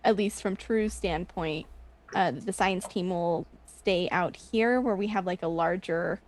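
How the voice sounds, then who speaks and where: A woman's voice: fairly low pitch, unhurried, a little mellow. A woman playing a tabletop game, explaining the team's plan step by step. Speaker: player.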